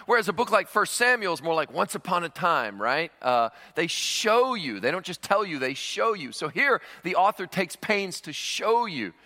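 Lively high-voiced preacher in a reverberant hall. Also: male voice, moderate pace, few pauses. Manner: animated, jokey asides and rhetorical questions. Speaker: pastor. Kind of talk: sermon.

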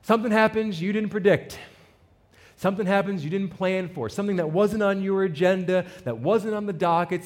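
A man's voice: high voice, a little mellow. A male pastor giving a conversational sermon, informal and prone to repeating words as he builds a point.

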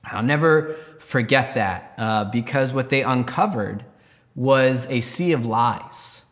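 A man's voice: medium pitch, lively intonation, slow pace, a bit bright, long reverb tail. A man giving a candid personal testimony, rambling and restarting as he recounts events. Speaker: Christian storyteller.

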